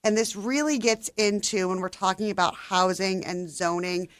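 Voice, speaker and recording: On a casual radio interview in the studio, a woman who leads a housing nonprofit speaks as a guest with a medium-pitched, steady voice at a moderate pace. She comes across as earnest, enthusiastic and focused on solutions. The audio is studio quality, with no room sound.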